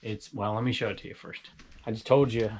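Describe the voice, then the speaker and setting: A man's voice: lowish voice, fairly even intonation, brisk, a little mellow. A man from Southern California, chatting casually to viewers as he shows items he resells. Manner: rambling, chatty, talks to viewers. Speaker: reseller vlogger. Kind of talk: casual chat.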